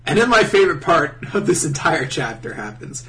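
A man's voice: a little high, a little fast. Guy on a podcast, swears a lot, voice jumps all over, kinda far from the mic. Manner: profane, animated, mocking character voices. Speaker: podcast co-host. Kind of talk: casual chat recapping an anime.

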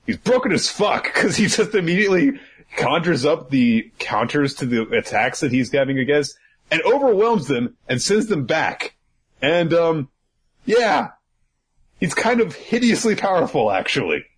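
A young man casually recapping a manga, animated and swearing, acting out the characters. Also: on the high side, normal speed, breathy edge.

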